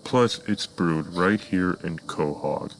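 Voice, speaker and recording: A man voicing a boisterous middle-aged cartoon father making an eager sales pitch in a fan story. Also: slow pace, gravelly, slight background noise, heavily acted.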